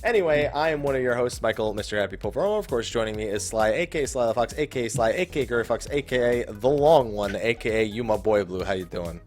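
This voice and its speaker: A man's voice: mid-range voice, lively intonation, fast, few pauses, soft background music. A young man hosting a casual gaming podcast, rambling and joking with a laugh in his voice. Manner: jokey, rambling, laughs often. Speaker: podcast host.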